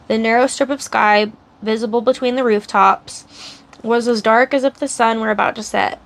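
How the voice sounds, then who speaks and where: Woman streamer, slightly high voice, steady read-aloud narration. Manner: steady storytelling narration, blunt asides. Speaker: streamer reading a novel aloud. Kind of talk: audiobook-style reading on a live stream.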